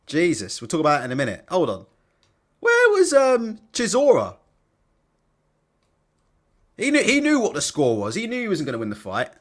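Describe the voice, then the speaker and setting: A man's voice: fairly high pitch, huge pitch swings, moderate pace, pauses often. Sweary, laughing man on a live stream. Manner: blunt, sweary and laughing, reading chat aloud. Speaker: livestream host. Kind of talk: casual live-stream commentary.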